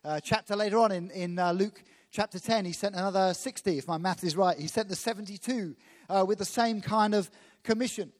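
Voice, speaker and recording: A man from England preaching a sermon quickly and emphatically, turning to the congregation with asides. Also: high voice. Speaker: visiting pastor. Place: church hall. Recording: echoey church hall.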